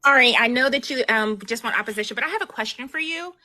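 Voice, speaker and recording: A woman's voice: on the high side, animated, fast, pushed and bright. A woman calling into a talk show, asking a question in a hesitant, apologetic way. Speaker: caller. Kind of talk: call-in question.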